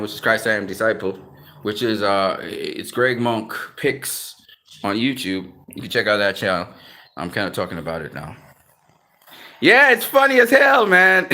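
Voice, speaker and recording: A man's voice: mid-range voice, pushed and bright. A man hosting a casual live-stream chat, talking in laid-back slang, laughing often and trailing off mid-sentence. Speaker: YouTube channel host.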